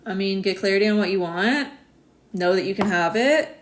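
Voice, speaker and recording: An American woman in a casual live-stream chat, answering viewers' comments in a relaxed, chatty way and laughing often. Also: mid-range voice, moderate pace. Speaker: astrologer hosting a live stream.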